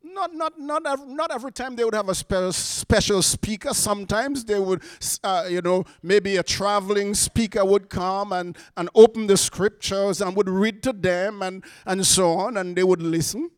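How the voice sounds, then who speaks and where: A man preaching as a guest speaker, delivering a prophetic word, reading scripture and praying in a hushed voice, with emphatic repetitions and restarts. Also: sits high, moderate pace, few pauses, smooth, no echo, clean studio sound. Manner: soft hushed prayer. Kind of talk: sermon with prophetic word and prayer.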